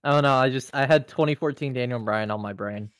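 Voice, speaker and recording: A man's voice: mid-range voice, quick pace, fairly bright tone, clean tone. A man co-hosting a podcast in casual chat, laughing often and swearing playfully. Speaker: podcast co-host.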